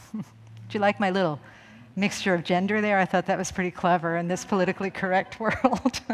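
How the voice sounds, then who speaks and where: Chatty woman preaching in a reverberant hall. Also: mid-range voice. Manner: chatty, laughs often, self-mocking. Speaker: minister. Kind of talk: sermon. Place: church sanctuary.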